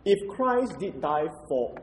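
Lively-pitched man preaching a sermon. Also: poor audio. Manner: measured and explanatory, asks rhetorical questions. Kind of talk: expository sermon.

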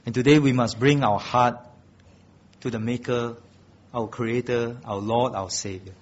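A man preaches a sermon in a slightly husky voice. He climbs to loud, emphatic peaks, then settles soft and slow on the key phrases. The recording is dull and lo-fi. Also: medium pitch, steady tone.

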